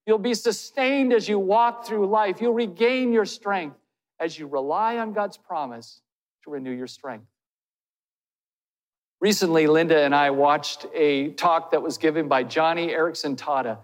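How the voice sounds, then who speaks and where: A man preaching a sermon as pastor. He speaks earnestly and puts direct questions to his listeners. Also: sits high. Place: church hall. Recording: long hall reverb.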